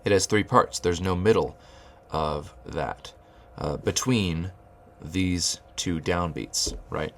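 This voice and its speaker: A man's voice: low voice, takes it slowly, hardly any pauses, slight background noise. A man teaching rhythmic solfege, explaining note beams and chanting counting syllables, often restarting his phrases. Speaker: music teacher.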